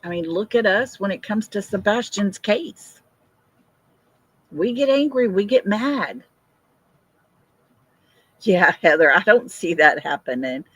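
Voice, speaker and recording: A woman's voice: medium pitch, animated, takes it slowly, pauses often, fairly bright tone, breathy edge, dry recording. An older woman hosting a casual livestream, chatting, answering viewer comments and laughing often. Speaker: livestream host.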